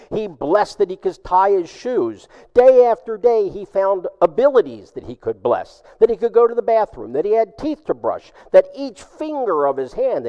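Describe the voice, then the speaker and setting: A man preaching a sermon and telling a story in an expressive, animated way. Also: high voice, in a large hall, muffled recording. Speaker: pastor. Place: church sanctuary.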